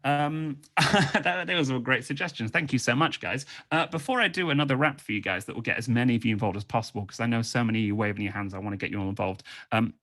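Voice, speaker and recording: A man's voice: medium pitch, fast, few pauses, a bit bright. A British man doing playful freestyle raps and joking chat with an online audience. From Britain. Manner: playful, joking, rapping over a beat. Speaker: performer. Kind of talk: freestyle rap and comedy patter on a video call. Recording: hip hop beat playing behind.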